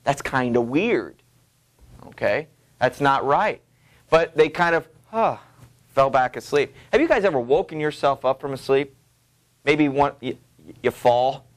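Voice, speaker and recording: A man's voice: mid-range voice, expressive, measured pace, long pauses. A man teaching a classroom literature lecture, explaining casually with lots of ums and you knows. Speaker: high school literature teacher.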